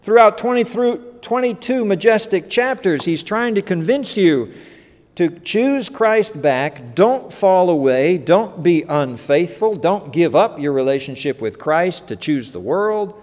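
A man's voice: sits high, animated, darkish tone. Emphatic male preacher in an echoing hall. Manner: earnest, emphatic, varying pace with slow stressed phrases. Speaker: pastor. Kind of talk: sermon. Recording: long reverb of a hall.

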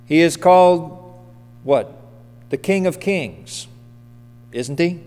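Male pastor, casual sermon, asks the congregation questions, slightly high voice, long church-hall reverb. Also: takes it slowly, a little mellow. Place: church sanctuary.

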